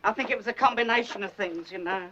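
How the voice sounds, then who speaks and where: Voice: mid-range voice, fast, pushed and bright, natural voice. A performer in a 1970s film comedy playing a fussy, gossipy elderly mother who poses as a psychic, rambling and theatrical. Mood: fussing. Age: older. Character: nagging, overbearing elderly mother posing as a psychic. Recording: dull old film soundtrack with faint hiss.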